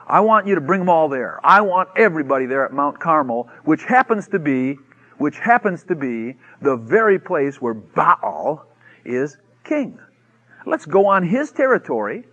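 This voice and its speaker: Animated high-voiced male preacher. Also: husky. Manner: animated storytelling, acts out quotes with shouts and mock whispers. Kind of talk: sermon.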